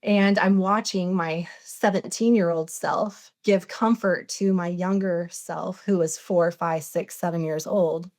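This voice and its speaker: A woman's voice: on the low side, fairly even intonation, measured pace, few pauses, darkish tone. A woman in her forties, a podcast guest, earnestly retelling a personal experience, acting out the dialogue as she goes. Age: 40s. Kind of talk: personal storytelling interview.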